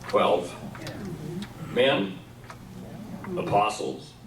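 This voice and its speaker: A man's voice: fairly low pitch, wildly swooping pitch, drawn-out words, noisy background. A man giving a Bible study talk in a church, who asks the room questions and then answers them himself. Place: church hall. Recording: echoey room, mic at a distance.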